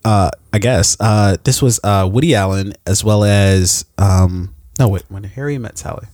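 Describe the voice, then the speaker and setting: Male podcast co-host, very deep voice, halting delivery, dry close sound. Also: a little mellow, dry recording. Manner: hesitant, many fillers, easy laughter. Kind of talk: casual chat.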